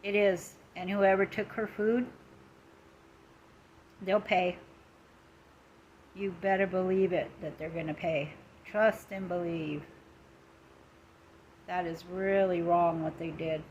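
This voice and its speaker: A woman's voice: lowish voice, fairly even intonation, slow pace, long pauses, a little mellow, lo-fi sound, slight background noise. A middle-aged woman on a casual live stream, retelling an upsetting story in an indignant, emphatic way, with lots of repetition.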